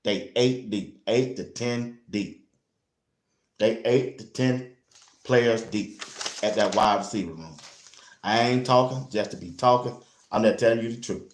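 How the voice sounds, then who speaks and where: A man hosting a casual sports talk show, blunt and animated, speaking straight to his listeners. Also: lowish voice, a little slow, long pauses. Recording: roomy echo.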